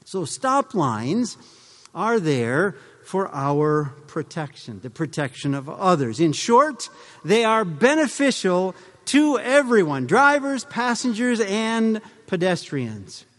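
A man's voice: sits high, big pitch swings, takes it slowly, fairly bright tone, long reverb tail. A middle-aged man addressing a live audience in a conversational way, with rhetorical questions and humorous asides.

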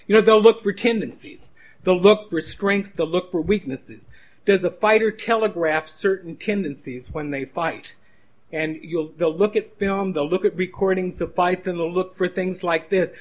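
A man's voice: high-pitched, moderate pace. A man preaching a sermon in a conversational storytelling manner, with frequent restarts.

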